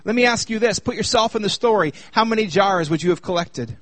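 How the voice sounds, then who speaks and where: A male preacher with a high, light voice delivers an animated sermon. He keeps asking rhetorical questions, and the sound is dry and close. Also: brisk, no echo. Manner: animated, asks the audience many rhetorical questions.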